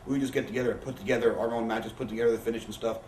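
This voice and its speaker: A man's voice: medium pitch, fairly even intonation, rapid-fire, darkish tone. A man telling candid, profane stories as an interview guest, often acting out what others said. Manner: profane, rambling anecdotes with quoted voices. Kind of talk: candid storytelling. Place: living room. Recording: roomy, distant, faint background hiss.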